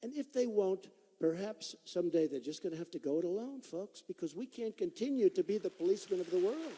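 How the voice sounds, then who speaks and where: A man speaking at a campaign rally, his pitch sitting fairly high and leaping up and down as he hammers points home. He repeats himself for emphasis in a loose, unscripted delivery, his voice dark in tone. A long reverb from a large hall trails every phrase. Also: animated, brisk. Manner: emphatic, repetitive, off-the-cuff. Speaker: political candidate. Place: large indoor rally venue.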